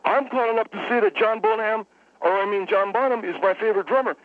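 A man voicing an earnest, deferential male caller who stubbornly defends his favorite drummer, halting and full of fillers. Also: high voice, no echo, narrow, tinny audio, pitched above the performer's own voice, close to an everyday voice. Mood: flustered. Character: earnest polite male caller, adult, indignant music fan.

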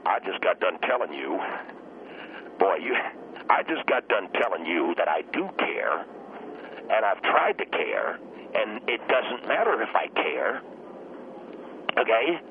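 An actor playing a hot-tempered teacher who guests on a talk show, ranting and stammering in loud bursts. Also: male voice, fairly low pitch, sing-song, unhurried, long pauses, phone-quality sound, a little hiss or hum. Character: blustering middle-aged male teacher, hot-tempered. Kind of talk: comedic radio talk show sketch.

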